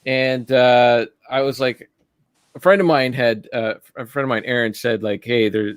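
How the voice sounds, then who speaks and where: A man's voice: medium pitch, moderate pace, clean tone, dry recording, studio quality. A music blogger, a man, talking modestly on a video call with many hesitations. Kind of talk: casual chat on a live stream.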